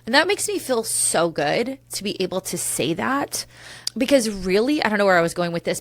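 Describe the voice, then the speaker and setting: A woman's voice: medium pitch, dry recording. A woman in her thirties hosting a solo podcast, talking candidly and emotionally, swearing casually and drifting into tangents. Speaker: podcast host.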